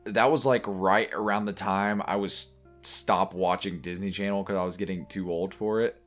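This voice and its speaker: Low-voiced young man joking along. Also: fairly even intonation, normal speed, faint music behind. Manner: laughs often, chimes in with jokes. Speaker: podcast co-host. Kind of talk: casual chat.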